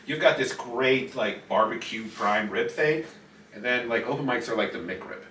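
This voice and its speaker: A man's voice: medium pitch, moderate pace, pushed and bright, slight background noise. A man hosting a podcast, chatting in an easygoing, agreeable way. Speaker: podcast host. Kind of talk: casual chat. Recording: echoey room, distant mic.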